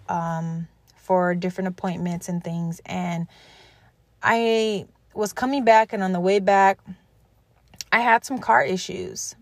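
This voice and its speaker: A woman's voice: medium pitch, dry recording, clean studio sound. A woman hosting a motivational podcast, talking to listeners directly in an earnest, encouraging way. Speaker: podcast host.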